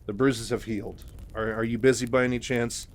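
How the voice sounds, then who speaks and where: A man voicing a wry, fast-talking male war reporter in a casual, nonchalant way in a storybook recap. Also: medium pitch, fairly even intonation, slight background noise, lightly acted. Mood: breezy. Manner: breezy, nonchalant.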